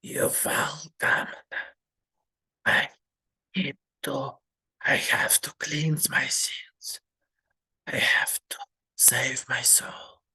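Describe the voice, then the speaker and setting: A man voicing a maddened, zealous old grandfather in a slow, hissing whisper, as whispered role-play while reading a game aloud. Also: medium pitch, little pitch movement, sharp tone, slightly rough, heavily acted, poor audio. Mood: fervent whisper.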